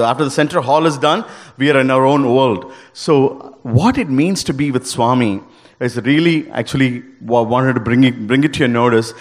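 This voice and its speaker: A man's voice: mid-range voice, long reverb tail. Earnest man giving a devotional talk. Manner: earnest, halting, with frequent restarts. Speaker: devotional speaker leading group singing.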